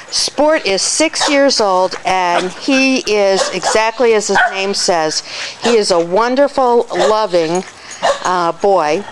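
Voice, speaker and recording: Woman rescue volunteer, slow and affectionate, calls the dogs in a high sing-song, noisy home recording with dogs barking. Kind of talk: casual video tour introducing dogs. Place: indoors at home among many dogs.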